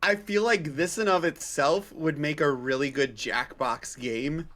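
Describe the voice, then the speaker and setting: A man's voice: fairly high pitch, unhurried, fairly bright tone. A man appearing as a guest on a live stream, making a playful, mock-serious case in casual chat.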